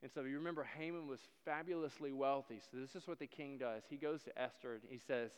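A man preaching a sermon, retelling a story with dramatic swings between loud declarations and hushed asides. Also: mid-range voice, fairly even intonation, quick pace, few pauses, clear, resonant tone. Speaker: pastor. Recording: long hall reverb.

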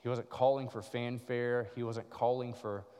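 A male pastor preaching a dramatic sermon, swinging from loud passages to hushed ones, in a church sanctuary. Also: medium pitch, flat delivery, moderate pace, smooth, long reverb tail.

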